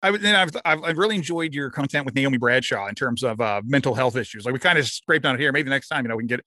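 A man's voice: mid-range voice, fast, pushed and bright, no room sound, clean studio sound. A man who is a guest on a podcast, chatting casually and agreeably and often calling the host buddy. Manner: agreeable, keeps saying buddy. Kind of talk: casual chat.

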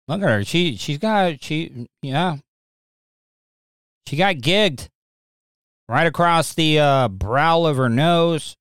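A man's voice: a little high, animated, slow pace, long pauses, a bit bright, clean tone, dry recording, studio quality. A man reacting to a news clip in casual commentary, blunt and mocking. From Southern United States.

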